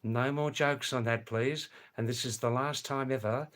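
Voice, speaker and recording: An older man hosting a casual live stream from home, reading viewer comments in a slow, rambling way and repeating his words. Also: mid-range voice, steady tone, a bit bright. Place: home in a small farming hamlet.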